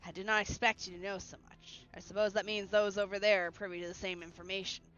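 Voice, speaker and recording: A woman's voice: medium pitch, level tone, fast, a bit bright, highs cut off, faint music behind, lightly acted. A woman voicing a stern, cold male knight who speaks in formal, clipped commands.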